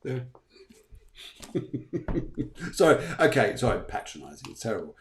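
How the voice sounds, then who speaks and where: A man's voice: on the low side, very animated, normal speed, reverberant. A man hosting a live psychic reading show, chatty, upbeat and encouraging. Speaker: psychic medium host.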